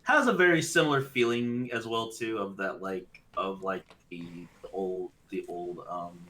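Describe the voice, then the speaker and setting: A man co-hosting a casual talk show, animated and joking, breaking into laughter often. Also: measured pace, slight background noise. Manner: animated, laughs often, swings up into a high voice for jokes. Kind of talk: casual chat.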